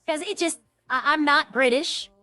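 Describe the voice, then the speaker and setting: A woman streamer talks in a loose, rambling way, chatty and quick to poke fun at herself. Her voice sits a little high, close and dry on the mic, with soft music underneath. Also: dry recording. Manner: rambling, chatty, self-deprecating. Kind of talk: casual chat to stream viewers.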